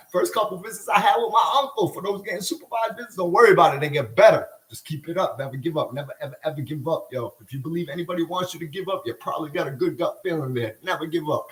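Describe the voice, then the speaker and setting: A man's voice: fairly high pitch, fast talker, hardly any pauses, a bit bright, echoey room, rough recording. A middle-aged man rambling in casual livestream talk while he cooks, slangy and laughing often. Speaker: livestream host.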